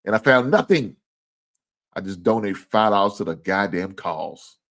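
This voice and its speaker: Loud-ranting, lively-voiced livestream host man. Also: moderate pace. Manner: swings from low mumbling to loud exasperated rants, swears, laughs. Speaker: livestream sports show host. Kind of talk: casual livestream chat reading viewer comments.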